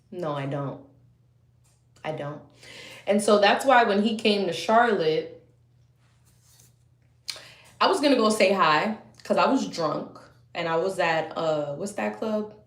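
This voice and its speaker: A young woman telling a story in a heated, profane rant that swings between loud outbursts and low muttering. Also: reverberant.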